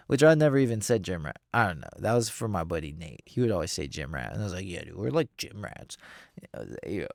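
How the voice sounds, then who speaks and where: A man's voice: lowish voice, darkish tone, no room sound, clean studio sound. A man in his twenties telling a rambling, slangy story in a casual vlog, full of "dude" and "bro". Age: 20s. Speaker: vlogger.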